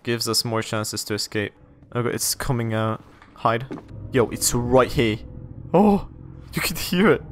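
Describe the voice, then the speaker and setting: A young man playing a horror game and talking through it, jittery and quick to exclaim and repeat words when scared. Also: medium pitch, slight background noise. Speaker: gaming YouTuber. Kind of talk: horror game let's play commentary.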